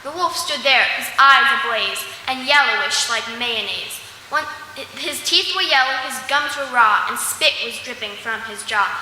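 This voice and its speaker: Bright-voiced woman reciting poetry in a hall. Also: on the high side, measured pace, hardly any pauses, a little hiss or hum. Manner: lively, theatrical. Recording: echoey hall.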